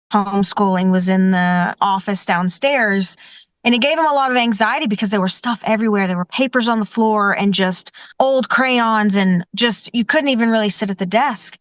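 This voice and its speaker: A woman's voice: mid-range voice, no echo. A woman, a professional organizer being interviewed, talking eagerly and telling stories with many "you know"s. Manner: enthusiastic, warm storytelling with many "you know"s. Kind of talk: conversational interview answers.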